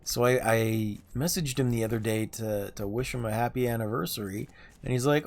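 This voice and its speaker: A man's voice: mid-range voice, fairly quick, vocal fry. A man in his thirties chatting casually and rambling while livestreaming a game, chuckling often. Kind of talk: casual chat while gaming.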